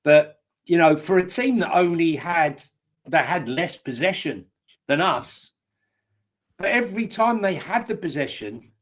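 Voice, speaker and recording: Male co-host, wisecracking pundit, slightly high voice, loose delivery. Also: animated, a little slow. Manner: jokey, rambling, with wisecracks. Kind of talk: casual football talk.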